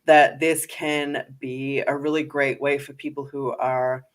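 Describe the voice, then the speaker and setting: A woman's voice: a bass voice, level tone, unhurried. A woman hosting a podcast, chatting casually and filling her talk with "like" and "you know". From Australia. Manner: chatty, uses "like" often. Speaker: podcast host.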